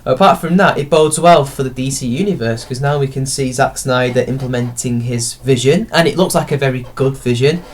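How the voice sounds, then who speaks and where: A man's voice: mid-range voice, a little fast, few pauses. A young man giving a casual, rambling film review, opinionated and often correcting himself mid-sentence.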